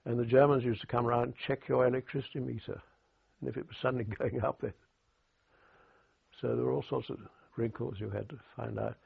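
Older man with gravelly, husky voice. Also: medium pitch, level tone. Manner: anecdotal, halting restarts, dry humour. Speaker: war veteran interviewee. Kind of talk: oral history interview, recollection. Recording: tinny phone-like archive recording.

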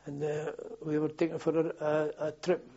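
An older man spins a rambling army yarn, doubling back on his words and chuckling. His voice is husky and dark-toned, sitting a little high. The tape sounds muffled and lo-fi. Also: monotone, moderate pace. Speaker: interviewee recalling army service. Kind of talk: oral history reminiscence. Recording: dull lo-fi archive tape.

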